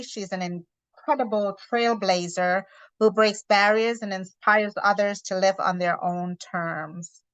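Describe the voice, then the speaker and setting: A woman hosting a podcast interview, enthusiastic and quick to laugh. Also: mid-range voice, fairly bright tone, no room sound, poor audio. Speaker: podcast host.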